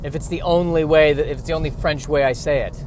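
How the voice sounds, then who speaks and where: A man riffing comedically as a podcast host, animated and self-interrupting. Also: fairly high pitch, quick pace, noisy background.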